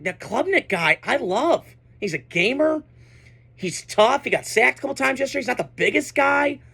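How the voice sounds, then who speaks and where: Young male sports commentator, high bright voice, blunt and unfiltered. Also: gravelly. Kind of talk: casual sports reaction monologue.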